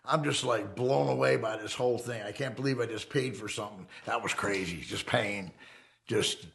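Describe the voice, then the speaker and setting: A middle-aged man telling his own story in a casual, animated and profane way, acting out the people in it. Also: lowish voice, moderate pace, gravelly. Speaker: interviewee.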